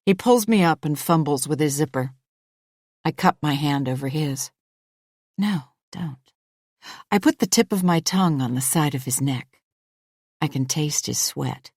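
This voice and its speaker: Low-voiced woman narrating a dark thriller. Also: animated, normal speed, no echo, clean studio sound. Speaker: audiobook narrator. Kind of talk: first-person thriller audiobook narration.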